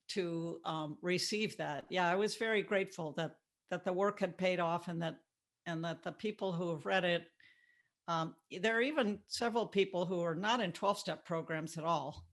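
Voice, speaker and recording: A woman author speaking as an interview guest, talking in a warm, thoughtful way and laughing easily. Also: on the low side, normal speed. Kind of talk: casual interview chat. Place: Florida.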